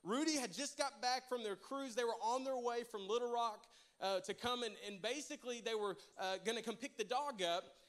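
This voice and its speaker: High-voiced pastor telling a funny story. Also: male voice, fairly quick. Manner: storytelling, animated, jokes with the congregation. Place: church.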